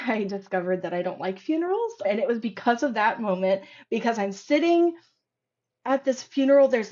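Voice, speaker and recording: A woman speaking as a podcast guest, telling stories in an animated way with frequent fillers. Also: mid-range voice, dull audio. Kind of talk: casual conversational interview.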